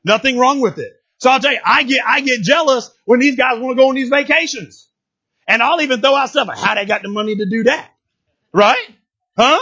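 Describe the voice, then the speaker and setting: High-voiced folksy male preacher. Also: brisk, slightly rough, dull audio. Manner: folksy, emphatic preaching that swells to shouts. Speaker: pastor. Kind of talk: sermon.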